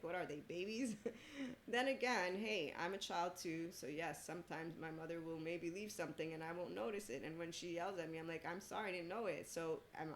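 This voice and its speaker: A woman's voice: low-pitched, a little hiss or hum, rough recording. A woman hosting a podcast in a casual, rambling monologue, sarcastic and laughing often. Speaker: podcast host.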